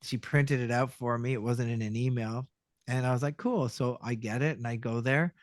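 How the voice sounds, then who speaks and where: A middle-aged man, a voice actor guest telling animated stories and acting out the people in them. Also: medium pitch, moderate pace, no room sound, studio quality. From Canada. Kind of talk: storytelling interview.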